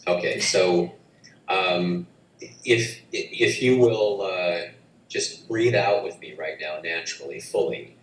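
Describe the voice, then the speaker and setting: A man teaching a breathing practice, speaking gently and haltingly with many restarts. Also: low-pitched, slight background noise. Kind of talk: guided breathing instruction. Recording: roomy, distant mic, faint ambience.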